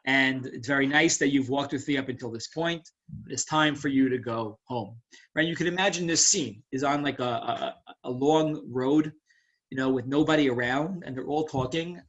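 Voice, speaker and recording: A man's voice: mid-range voice, moderate pace, dull audio. A man teaching a Torah lesson as a rabbi, explaining verses in a casual, storytelling way with frequent asides. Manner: casual, animated storytelling with frequent "right?" and "you know".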